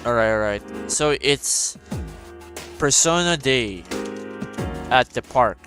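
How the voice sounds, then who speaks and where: A man's voice: mid-range voice, lively intonation, slow, over music. A man hosting a casual gaming stream, ranting profanely and emphatically while losing his voice. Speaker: streamer host.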